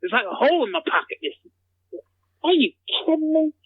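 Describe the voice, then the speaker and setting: A man's voice: very high voice, sing-song, fairly quick, narrow, tinny audio. A man playing a rambling, dim-witted character who stumbles over his words and repeats himself, as a comedy bit. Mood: scolding.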